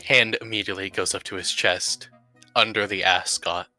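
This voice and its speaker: A man narrating his characters' actions as a player in a tabletop game, in a lively, laughing way. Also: low voice, normal speed, no room sound, soft background music.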